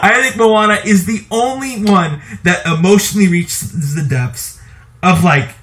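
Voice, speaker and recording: A man co-hosting a podcast, talking casually about movies in an animated, opinionated way and laughing often. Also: high-pitched, measured pace. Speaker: podcast co-host.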